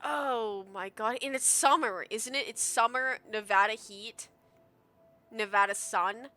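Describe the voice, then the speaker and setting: A woman streamer giving animated, swearing commentary as she plays a game and talks to its characters. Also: fairly high pitch, a little slow. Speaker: gamer streamer. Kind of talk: let's play commentary.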